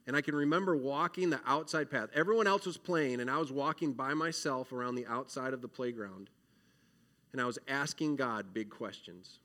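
A man giving an earnest, emotional children's sermon, acting out prayers and shifting between loud pleading and quiet reflection. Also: mid-range voice, normal speed. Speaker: children's minister.

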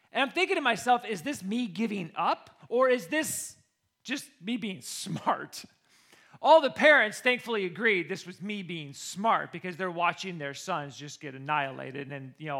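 A football coach, a man, telling a personal story in a lively way and acting out the quoted voices of others. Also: sits high. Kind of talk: storytelling talk.

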